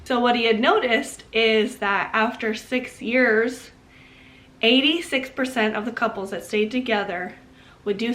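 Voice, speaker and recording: A woman with a hoarse voice from a chest cold, giving casual relationship advice to her viewers in a chatty, explanatory way. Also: medium pitch, fairly bright tone. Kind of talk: casual advice talk to camera.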